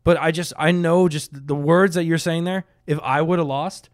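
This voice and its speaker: A man's voice: fairly high pitch, normal speed. A man hosting a podcast, chatting casually and weighing both sides with profane asides. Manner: profane, even-handed, talks through both sides. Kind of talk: casual chat.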